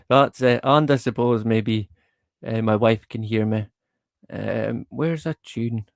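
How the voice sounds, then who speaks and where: Guy chatting on his stream, relaxed and rambly, lots of chuckles, dry close sound. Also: mid-range voice, slow pace, vocal fry, no room sound. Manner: laid-back, rambling, chuckles often, swears casually. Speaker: livestream host. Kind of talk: casual livestream chat.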